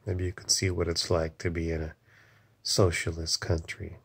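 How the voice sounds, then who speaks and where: A man's voice: low-pitched, monotone, normal speed, a bit bright, husky. A man in an angry, rambling political rant, swearing often and leaning on "you know". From Canada.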